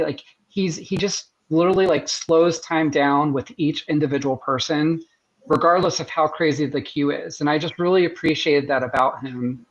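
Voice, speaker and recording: A man's voice: fairly high pitch, fairly even intonation, moderate pace, dull audio. A man talking as a guest artist in a casual interview, enthusiastic and rambling with many restarts, heard over a video call.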